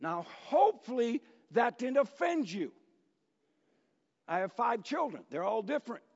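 A man preaching a sermon as pastor, talking to the congregation in a conversational, animated way and acting out quotes. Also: very high-pitched, measured pace, creaky, slightly rough. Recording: echoey hall, dull lo-fi sound.

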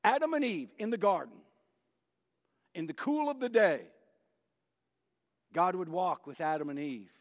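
A man preaching a sermon as pastor, in an unhurried storytelling manner that works in jokes. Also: sits high, lively intonation. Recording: dull lo-fi church recording with long reverb.

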